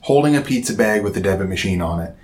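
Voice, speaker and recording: A man in his thirties from Nova Scotia with a fairly low voice. He tells a story in a casual chat, animated and profane, and acts out the lines of the people in it. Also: fast talker. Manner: profane, animated retelling with acted-out quotes.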